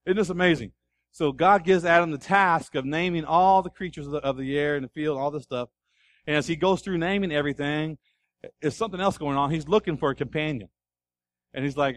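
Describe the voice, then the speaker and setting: A man preaching a sermon as pastor, animated, asking the congregation questions and acting out scenes. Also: high voice, a little fast, dry recording. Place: church.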